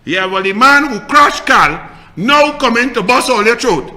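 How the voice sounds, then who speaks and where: Man, Trinidadian accent, very high voice, sharp bright tone, mocking, scolding political rant. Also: expressive, unhurried. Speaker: political commentator host. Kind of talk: ranting political commentary.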